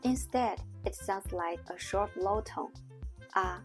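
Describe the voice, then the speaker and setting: A woman teaching a language lesson in a scripted way, speaking slowly and carefully and demonstrating sounds one at a time. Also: medium pitch, a little mellow, soft background music. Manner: slow, careful, demonstrating tones on single syllables.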